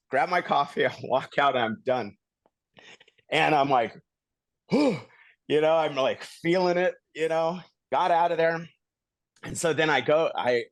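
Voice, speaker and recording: A man's voice: mid-range voice, no room sound. A man hosting a podcast, telling a story casually and animatedly, chuckling and acting out quotes. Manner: animated retelling with laughs and acted-out quotes. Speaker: podcast host. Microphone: studio podcast mic.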